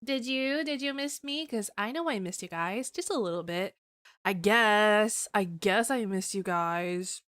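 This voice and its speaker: A young woman streaming as a vtuber, chatting casually and teasing her viewers with giggles, often slipping into a higher, cutesy greeting voice. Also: unhurried, a bit bright, no echo, clean studio sound.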